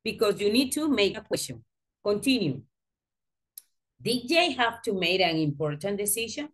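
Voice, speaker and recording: Lively woman teaching English. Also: medium pitch. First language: Spanish. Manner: slow, patient explaining with lively emphasis. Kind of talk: online grammar lesson. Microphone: video call.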